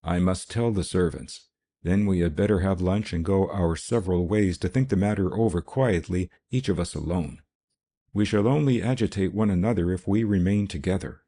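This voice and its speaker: A man reading an audiobook, voicing a composed gentlewoman who speaks gently and persuasively. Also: sits low, moderate pace. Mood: calm, persuasive. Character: composed gentlewoman, calm and firm.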